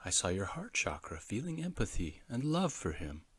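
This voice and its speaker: A man voicing a soft, wise little bluebird. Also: on the low side, moderate pace, slightly rough, no room sound, exaggerated voice. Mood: calm. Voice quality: soft, calm voice. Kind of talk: children's storybook reading.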